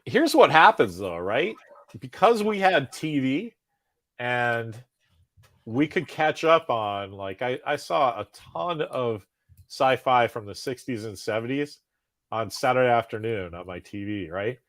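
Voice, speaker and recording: A man's voice: medium pitch, animated, measured pace, fairly bright tone, no echo. Casual male podcast co-host, 40s, rambling self-deprecating delivery, dry close mic. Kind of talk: casual chat.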